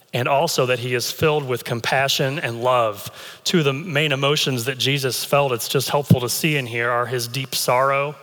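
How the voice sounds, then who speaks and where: A man's voice: medium pitch, bright, forceful tone. A male pastor giving an earnest sermon, reading scripture aloud and explaining it. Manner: earnest, reads scripture aloud between remarks. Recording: long hall reverb.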